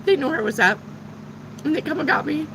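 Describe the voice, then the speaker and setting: A woman's voice: sits high, lively intonation, quick pace, background noise. A middle-aged woman who reads tarot, telling a personal story in a casual, rambling way and swearing freely. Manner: frank and profane, rambling retelling. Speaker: tarot reader.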